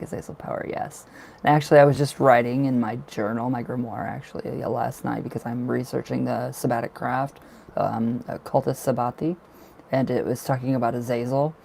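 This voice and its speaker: A man's voice: mid-range voice, level tone, normal speed, gravelly, a little mellow, slight background noise, rough recording. A man hosting a casual tarot livestream, chatty and laughing often as he talks to viewers.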